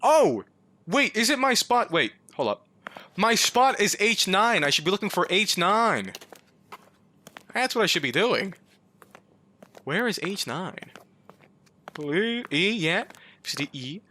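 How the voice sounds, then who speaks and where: Guy doing goofy game commentary, bright voice, bouncing all over the place, little hiss behind. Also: sits high, sing-song, slow, pauses often. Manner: pleading and joking, bursts into yelps and swearing. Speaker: gaming YouTuber. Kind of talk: comedic let's-play commentary.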